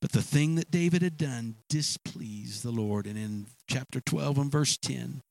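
A man's voice: mid-range voice, measured pace, creaky, no room sound. A man preaching a sermon with dramatic storytelling and emphatic repetition.

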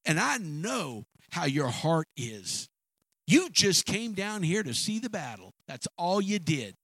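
A man's voice: on the high side, sing-song, takes it slowly, fairly bright tone, dry recording, low-quality recording. A man preaching a sermon, retelling a scripture story with dramatic acted asides and stammering restarts.

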